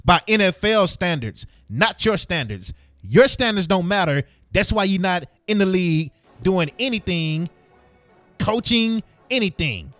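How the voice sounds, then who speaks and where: A man's voice: high voice, fairly bright tone, dry recording. A man hosting a sports podcast, ranting heatedly in casual slang. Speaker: podcast host.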